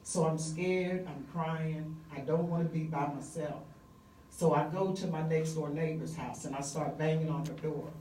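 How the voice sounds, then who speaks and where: A middle-aged woman telling a personal story live on stage, vivid and conversational with frequent pauses and fillers. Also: low voice, fairly even intonation, dark tone, roomy sound, recorded from a distance, a little hiss or hum, rough recording.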